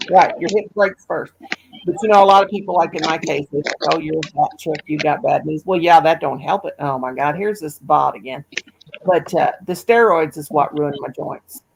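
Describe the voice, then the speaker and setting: Gravelly, homey Missouri woman. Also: low voice, normal speed, a little hiss or hum, low-quality recording. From Missouri, USA. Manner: homey, emotional, calls viewers honey and darling. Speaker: livestream host. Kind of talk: casual livestream chat.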